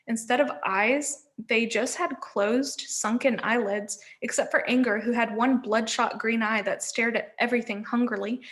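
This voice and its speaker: A woman teacher reading a novel aloud to learners, expressive and giving each character a voice. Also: fairly high pitch. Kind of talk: storybook read-aloud.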